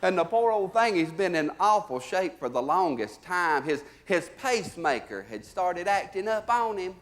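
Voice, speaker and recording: High-voiced Southern comic spinning folksy tales. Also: male voice, big pitch swings, moderate pace. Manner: folksy drawling storyteller, swings between loud and low. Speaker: stand-up comedian. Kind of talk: live stand-up storytelling. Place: theater stage.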